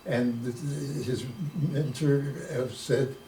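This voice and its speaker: A man in his nineties, a retired rabbi, telling lively anecdotes in an interview and dropping in Yiddish words. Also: medium pitch, slow. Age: 90s. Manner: lively storyteller who sprinkles in Yiddish words. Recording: echoey room, distant mic, faint noise.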